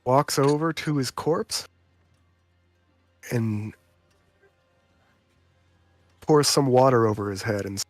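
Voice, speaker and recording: Relaxed man running a tabletop game. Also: mid-range voice, slow pace, pauses often, no echo, soft background music. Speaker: game master.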